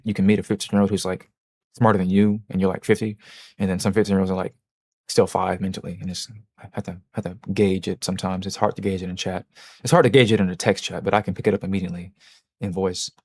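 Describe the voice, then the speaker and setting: A man's voice: low voice, little pitch movement, fast, darkish tone, no echo. A man hosting a livestream, chatting casually and answering his chat in a rambling, joking, self-mocking way with many restarts. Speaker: livestream host.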